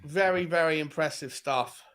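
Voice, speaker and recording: A man hosting a football fan show, commentating live on a match in an excitable way and shouting at the players. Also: fairly high pitch, moderate pace.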